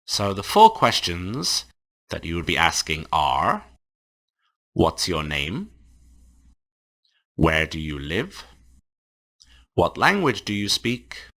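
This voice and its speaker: Slow, lively-voiced male English teacher. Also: deep voice. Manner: slow, carefully enunciated classroom reading. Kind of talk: online lecture for language learners.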